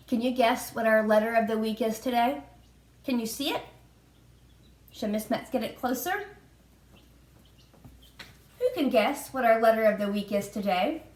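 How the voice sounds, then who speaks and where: A woman preschool teacher giving a children's virtual lesson, prompting slowly in a sing-song way and spelling out letters. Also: fairly high pitch. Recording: echoey room.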